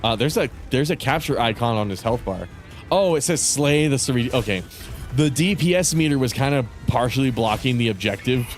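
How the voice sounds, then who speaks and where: A young man chatting over his gameplay in a loose, rambling way, swearing often and trailing off mid-sentence. His voice sits at an everyday middle pitch. Faint game music plays softly behind him. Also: animated, fairly quick. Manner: rambling, profane, laid-back. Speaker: streamer. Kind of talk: casual gaming commentary.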